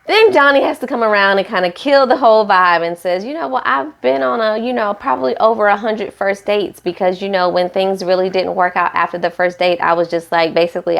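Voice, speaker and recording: A woman's voice: mid-range voice, a little fast, creaky, a bit bright. Sassy chatty woman recapping reality TV. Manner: chatty, sassy, quotes people in playful voices. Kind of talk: casual recap commentary.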